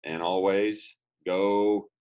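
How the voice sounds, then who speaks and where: A man's voice: sits low, fairly even intonation, extremely slow, smooth, phone-quality sound. A man giving an upbeat motivational lesson to students, telling a story and acting out its dialogue. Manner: upbeat, acts out quoted dialogue. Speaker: school motivational speaker.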